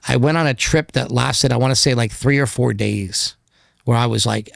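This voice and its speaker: A mid-pitched man with a rough, gravelly edge speaks as a podcast guest. He talks in an open, meandering way and leans on filler words between thoughts. His voice is recorded close and dry in a studio. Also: moderate pace, fairly bright tone, no echo. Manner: candid, rambling, heavy use of filler words. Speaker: podcast guest, documentary filmmaker. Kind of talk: casual interview conversation.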